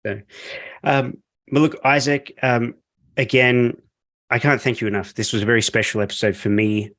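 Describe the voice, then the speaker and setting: Through a podcast microphone, this interview host chats and jokes with plenty of fillers. His medium-pitched voice is fairly even and fairly bright at a normal speed, captured in studio quality with no echo.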